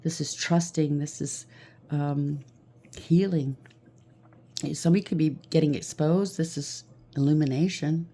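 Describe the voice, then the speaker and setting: A woman's voice: sits low, steady tone, measured pace, pauses often, dark tone. A woman at home doing a collective tarot reading, reassuring her viewers with frequent fillers and a repeated "okay?". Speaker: tarot reader. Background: washing machine running.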